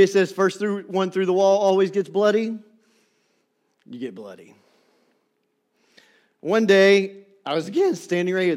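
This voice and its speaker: High-voiced pastor preaching a sermon. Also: male voice. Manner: storytelling, swings from loud emphatic to soft and quiet. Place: church sanctuary.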